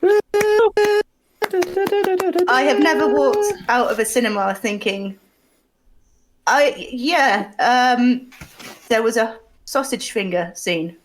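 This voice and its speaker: A woman's voice: fairly high pitch, expressive, takes it slowly, long pauses, noisy background. A woman presenting a comedy award on a live podcast, playful and crude.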